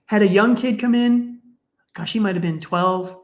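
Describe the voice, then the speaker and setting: A middle-aged man, a sports psychologist guest, speaking in a conversational, animated way and acting out the people in his stories. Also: moderate pace. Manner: animated, acts out quoted parents with raised pitch. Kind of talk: conversational storytelling.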